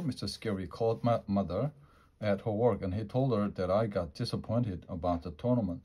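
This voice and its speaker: Man reading a children's book, quiet and measured. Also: lowish voice. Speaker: storyteller.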